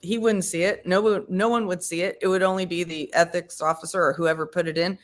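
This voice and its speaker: Rambling low-voiced woman streamer. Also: steady tone, brisk. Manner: rambling, with frequent restarts and searching for words. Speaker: commentator hosting a members' live stream. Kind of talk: casual live commentary.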